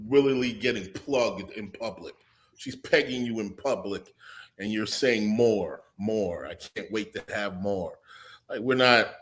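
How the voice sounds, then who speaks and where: A man on a talk panel ranting in mock outrage, swearing freely and building long riffs. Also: mid-range voice. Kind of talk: casual chat.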